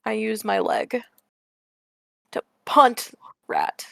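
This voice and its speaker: A woman playing a tabletop game as a player, excitable and giggly. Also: a little high, very slow, gravelly, dry recording.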